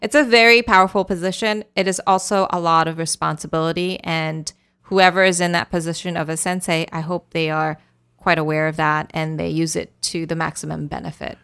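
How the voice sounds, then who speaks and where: A woman's voice: low voice, little pitch movement, fairly quick, fairly bright tone, smooth. A woman co-hosting a language podcast, explaining thoughtfully with fillers like "sort of". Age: adult who taught dance earlier. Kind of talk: conversational language lesson.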